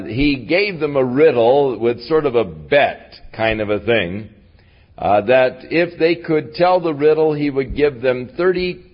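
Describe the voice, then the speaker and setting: A man's voice: mid-range voice, muffled recording. A man teaching a Bible lesson as a folksy, conversational retelling. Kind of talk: casual Bible lesson storytelling.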